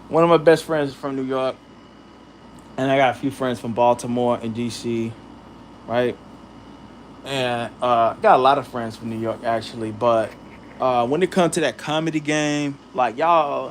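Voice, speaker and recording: A man's voice: medium pitch, moderate pace, a little hiss or hum. Heated man ranting on his vlog. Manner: animated, heated, addresses viewers directly with slang. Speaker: channel host.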